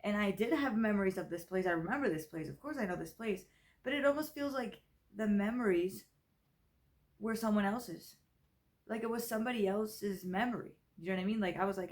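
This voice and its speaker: A woman's voice: medium pitch, moderate pace. Tired rambling young woman vlogging. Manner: rambling, filler-heavy, self-correcting. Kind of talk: casual personal vlog. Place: grandmother's house.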